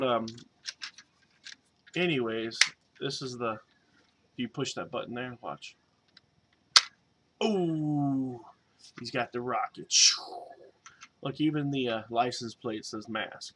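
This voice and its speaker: A man in his thirties talks casually to his viewers in a mid-pitched voice, drifting from point to point with plenty of ums and restarts. He cracks jokes as he goes and turns loud and excited when he shows off his old toys. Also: background noise. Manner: rambling, jokey, many fillers and restarts. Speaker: vlogger and toy reseller. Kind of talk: casual vlog chat.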